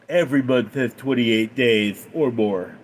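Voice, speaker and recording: Reading from his chat, a livestream host voices each donor's name and question brightly and loudly, then drops to a flat, low answer. It's a casual Q&A by a man, with background noise in the recording.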